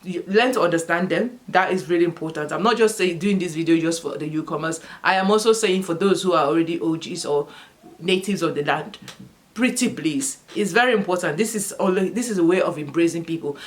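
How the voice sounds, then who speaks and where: A woman's voice: on the low side, a little fast. A woman from Africa giving casual school advice as a vlogger, telling stories with frequent bursts of laughter, outdoors in the sun. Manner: animated storytelling with frequent laughter. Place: outdoors in sunlight.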